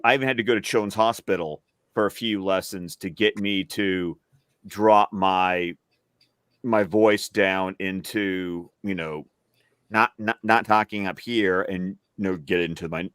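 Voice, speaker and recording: A man's voice: low-pitched, steady tone, unhurried, a bit bright, clean tone, dry recording, studio quality. Chatty man with trained neutral diction. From Alabama, US South. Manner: chatty, rambling storyteller. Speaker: film podcast panelist. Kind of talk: casual panel chat.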